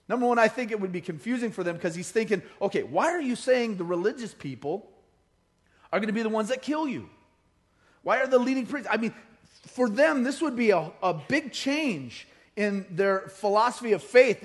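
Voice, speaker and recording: Man, pastor, sermon, high-pitched, lively storytelling, acts out quotes. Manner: animated storytelling, acting out quoted voices. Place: church hall.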